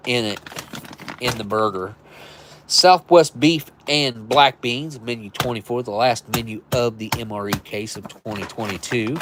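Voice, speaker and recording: Reviewing military rations on a live stream, this host rambles in a relaxed way, thinking aloud and correcting himself as he goes. He has a mid-range voice, and there's slight hiss or hum on the recording.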